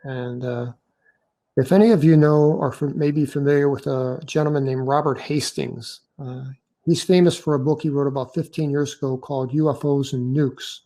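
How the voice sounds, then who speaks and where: An older man in his sixties giving a storytelling lecture about his own experience, conversational and halting with many fillers. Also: medium pitch, steady tone, dark tone.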